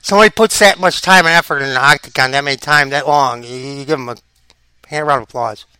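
A man giving casual, rambling reaction commentary as a vlogger, excitable and quick to laugh. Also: medium pitch, smooth, no echo, rough recording.

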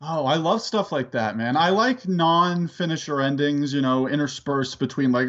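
An excitable man joins in on the wrestling chat, laughing easily and swearing. His voice sits a little high for a man. His mic sounds dull and lo-fi. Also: normal speed, hardly any pauses. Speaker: podcast co-host.

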